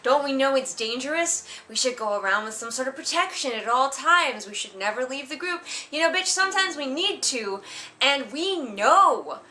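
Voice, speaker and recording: Woman book vlogger, high-pitched, bright, sarcastic and exasperated. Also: lively intonation, normal speed. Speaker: book reviewer. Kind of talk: casual vlog review.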